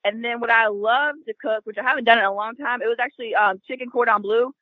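A woman's voice: a little high, steady tone, fast, no echo, phone-quality sound. A young woman from North Carolina with a Southern accent, chatting upbeat as an interview guest. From North Carolina, USA. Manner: chatty, upbeat, with many fillers. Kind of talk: casual interview chat.

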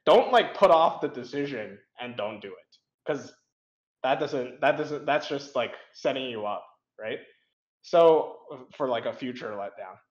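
A man's voice: mid-range voice, expressive, measured pace. Rambling young man, roomy lo-fi sound. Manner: rambling, frank, lots of fillers and restarts. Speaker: interview guest, competitive programmer. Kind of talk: casual interview chat.

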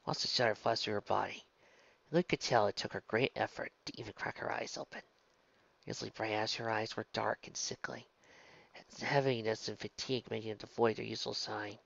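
Gravelly-voiced man reading a story. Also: fairly low pitch, fairly even intonation, fairly quick, fairly bright tone, no echo, lo-fi sound. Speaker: story reader. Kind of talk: reading fan fiction aloud.

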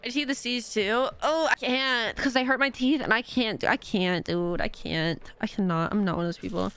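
A woman's voice: a little high, normal speed, a bit bright, clean tone. A young woman streaming a game, chatting casually and reacting to her chat in a bubbly way. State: out of breath. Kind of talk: casual chat while gaming.

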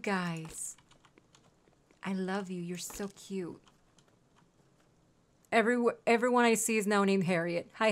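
Young woman, game streamer, casual chat, high-ish voice, cooing, chatty. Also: a bit bright. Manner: chatty, coos and calls to in-game pets. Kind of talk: casual gameplay commentary.

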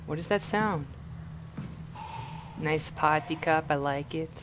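A man's voice: fairly high pitch, takes it slowly, background noise. A young man from Canada playing a horror game and commenting in a panicky, swearing way, often repeating himself in frantic bursts. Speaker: gaming YouTuber.

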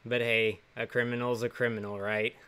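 A man's voice: mid-range voice, level tone, moderate pace, sharp tone, clear, resonant tone, close to an everyday voice. A man voicing a blunt, mocking jail guard in a game, in a near-everyday voice.

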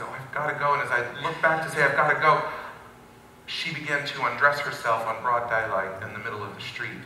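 A male pastor telling a story in a sermon, animated and with wry asides. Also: medium pitch, a little hiss or hum. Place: church sanctuary. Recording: very echoey hall, from a distance.

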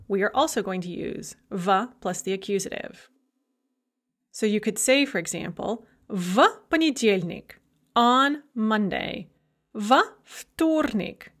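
Slow, careful woman language teacher. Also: fairly high pitch, a bit bright. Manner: slow, careful modeling of example phrases; clear, methodical explaining. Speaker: language instructor. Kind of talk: recorded lecture.

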